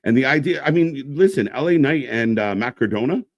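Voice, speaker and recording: A man with a lively, swinging voice shouts out moves and riffs with his co-hosts on a live stream. His sound is close and dry. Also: medium pitch, brisk, no room sound, lo-fi sound. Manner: hyped, animated calls of the action. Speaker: co-host. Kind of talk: casual live play-by-play chat.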